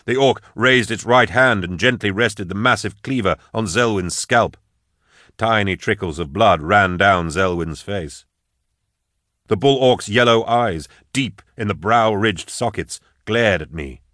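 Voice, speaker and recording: A man reading a dark first-person fantasy story aloud in a measured, grave storytelling manner. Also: fairly low pitch, no echo, clean studio sound. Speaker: narrator. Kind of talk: audiobook narration of dark fantasy fiction.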